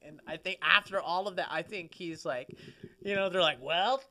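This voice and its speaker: A man co-hosting a podcast in casual comedic chat, animated and profane, rambling with many restarts. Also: high-pitched, moderate pace. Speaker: podcast co-host.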